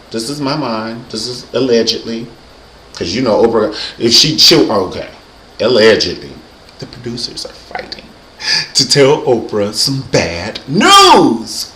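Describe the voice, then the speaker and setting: A man hosting a comedy vlog, joking in an animated, exaggerated, playful way. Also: mid-range voice. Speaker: host. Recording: echoey room, faint hiss.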